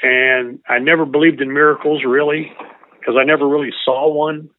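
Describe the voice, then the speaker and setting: A man's voice: a little high, little pitch movement, no room sound. Older man telling a story over a tinny line. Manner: earnest, halting, repeats himself. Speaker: interview guest, former baseball coach. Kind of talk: emotional storytelling.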